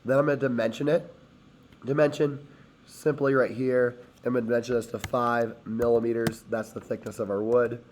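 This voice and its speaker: A hoarse man teaching, talking step by step through a screen-recorded CAD tutorial as he clicks. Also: medium pitch, level tone, normal speed, a little mellow, a little hiss or hum. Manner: step-by-step, talks while clicking.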